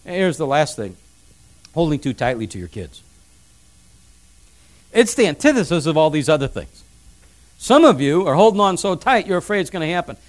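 Middle-aged guy preaching, pretty high voice, tells stories about his kids, repeats stuff for emphasis. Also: sing-song, normal speed, long pauses. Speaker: pastor. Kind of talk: sermon on parenting.

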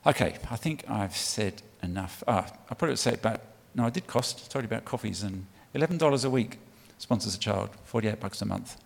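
A man's voice: fairly low pitch, animated, brisk, gravelly, hardly any pauses. A man from the UK, preaching a sermon in a church in a conversational, punchy way and coaxing the congregation to answer back. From United Kingdom. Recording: long reverb of a large hall.

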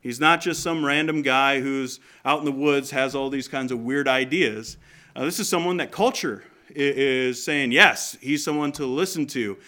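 A man's voice: mid-range voice, normal speed, sharp tone. A man preaching a conversational sermon from Canada, often asking the congregation questions.

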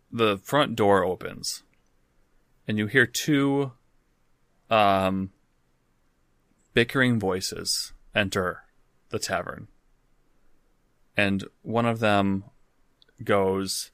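Casual low-voiced man running a game. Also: extremely slow, pauses often, fairly bright tone, no room sound, studio quality. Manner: loose, casual, swears, restarts. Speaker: game master. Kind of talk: narrating a tabletop game.

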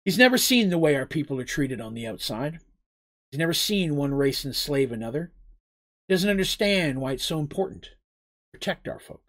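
Earnest, proud gully king and father, read by a man in his own voice; animated delivery. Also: a little high, a little fast, full character voice. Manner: earnest, letter read in a plain voice.

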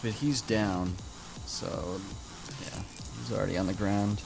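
A man's voice: lowish voice, fairly even intonation, a little slow, vocal fry. Man running a tabletop game, vivid playful narration, faint music behind. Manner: vivid, playful, laughing between beats. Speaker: game master.

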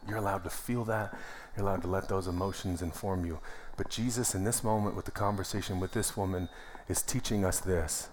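A man's voice: sits low, a little fast, darkish tone, a little hiss or hum. A young adult man, a pastor, preaching a sermon in a church in a conversational, emphatic way with calls of amen. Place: church sanctuary.

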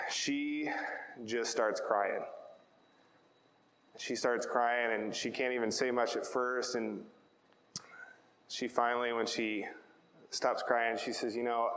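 A man's voice: medium pitch, fairly bright tone, reverberant, long reverb tail, poor audio. A man preaching a sermon, telling a personal story in a chatty way and often asking "right?". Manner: conversational storytelling, repeats words, asks "right?". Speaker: pastor.

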